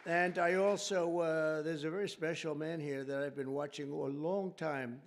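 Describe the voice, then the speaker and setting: A man's voice: fairly high pitch, fairly even intonation, normal speed, gravelly, a little hiss or hum. A man giving a ceremonial speech at a formal reception, chatty and rambling, breaking off for off-script jokes aimed at the audience. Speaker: speaker at a reception. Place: large formal reception room.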